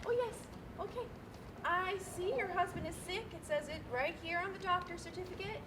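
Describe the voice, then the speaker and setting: A woman's voice: extremely high pitch, brisk, background noise. A woman playing a harried, stiffly formal female bank manager in a live stage play, recorded on a school stage. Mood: exasperated. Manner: stiff, formal, increasingly exasperated. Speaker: stage actor.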